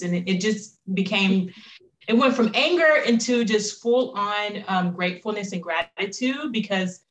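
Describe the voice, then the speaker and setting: A woman's voice: mid-range voice, normal speed, reverberant, rough recording. Earnest woman telling her story. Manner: earnest, reflective, animated when quoting. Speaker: guest. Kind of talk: personal storytelling interview.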